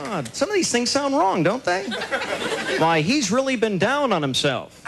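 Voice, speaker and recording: Man doing stand-up over loud crowd. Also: very high-pitched, moderate pace, gravelly. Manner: deadpan one-liners, sudden loud outbursts. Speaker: stand-up comedian. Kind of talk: stand-up comedy set. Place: comedy club stage before a laughing audience. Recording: live club recording, loud crowd and noise.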